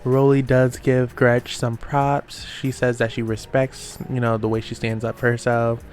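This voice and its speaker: A man's voice: mid-range voice, flat delivery. Sassy man recapping reality TV. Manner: sassy, slangy, quick asides. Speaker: reality show recap host. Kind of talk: casual recap commentary.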